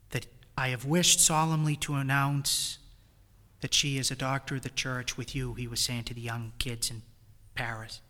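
A man's voice: medium pitch, sharp tone, in a large hall. A man with a New England accent preaching a retreat sermon, swelling emphatically on key phrases. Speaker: priest leading a retreat.

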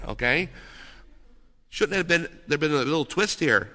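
Animated preacher in a reverberant hall. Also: male voice, fairly high pitch, normal speed. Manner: animated storytelling, frequent asides of "okay?". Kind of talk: sermon. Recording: long reverb of a large hall.

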